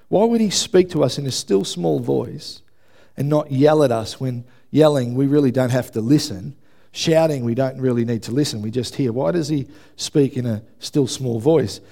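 A man's voice: on the high side, creaky, mellow. A man preaching a sermon in a conversational way, often checking in with the congregation. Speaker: pastor.

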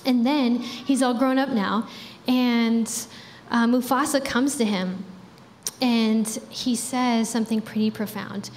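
A woman's voice: fairly high pitch, steady tone, slow, darkish tone. A young woman preaching a sermon in a casual, chatty way, with frequent fillers. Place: church hall. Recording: reverberant hall with faint background noise.

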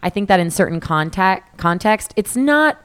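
A woman who presents on camera for a living, co-hosting a podcast in a relaxed, conversational way. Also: mid-range voice, moderate pace, clear, resonant tone. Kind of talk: casual chat.

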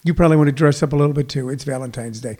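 A man's voice: medium pitch, rapid-fire, darkish tone. Rambling comedy podcast host, man. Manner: rambling, self-correcting, lots of uh fillers. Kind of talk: casual solo radio-style show.

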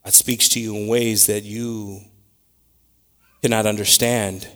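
A man preaching a sermon, swinging between loud scripture reading and quiet, repetitive asides. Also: fairly low pitch, level tone, slow pace. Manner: repeats words while searching for them.

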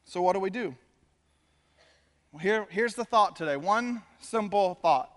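A man, a pastor, giving a conversational and animated sermon to his congregation. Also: high voice, big-room sound. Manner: conversational, animated preaching with quick asides. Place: church sanctuary.

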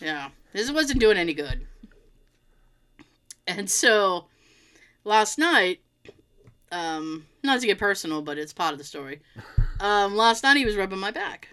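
A woman chatting casually, telling an animated, laughing story with plenty of swearing. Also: medium pitch, a little slow, long pauses, smooth. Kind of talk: casual chat.

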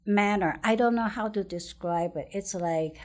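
A woman's voice: medium pitch, normal speed, darkish tone. A middle-aged woman telling a personal childhood story in conversation, hesitant, repeating words and laughing often. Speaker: interviewee.

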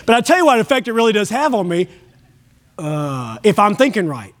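A male pastor delivers his sermon in a notably high voice. His manner is folksy and emphatic, speaking plainly to the congregation and acting out prayers. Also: very animated, fairly quick, a bit bright.

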